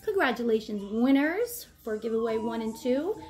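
A woman in her thirties hosting a casual vlog giveaway, bubbly and chatty, with excited asides. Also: fairly high pitch, moderate pace, over music.

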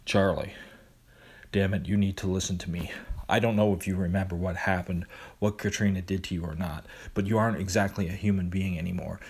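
A huge monster of a man, voiced by a male storyteller, talks in a flat, slow monotone. His tone is stern and without emotion. The voice is very low and dark. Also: slightly rough.

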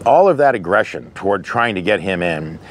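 Casting note: low-voiced man, candid and conversational, telling stories from his work, with faint noise in the background. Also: animated, fairly quick. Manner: candid, conversational, storytelling with anecdotes. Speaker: interventionist. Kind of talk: advice monologue.

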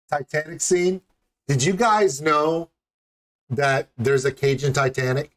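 A man's voice: fairly high pitch, unhurried, a bit bright, a little hiss or hum. A man hosting a music video reaction, talking in an enthusiastic, rambling and jokey way. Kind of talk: casual reaction commentary.

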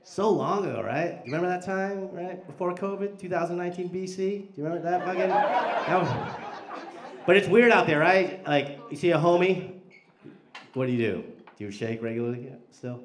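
A man's voice: high voice, brisk. Brief: a raunchy male stand-up roasting the crowd on a handheld mic in a roomy, noisy club. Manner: crude, profane, teasing the audience. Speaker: stand-up comedian. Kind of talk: stand-up comedy with crowd work. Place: live comedy club. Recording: echoey club, loud background noise.

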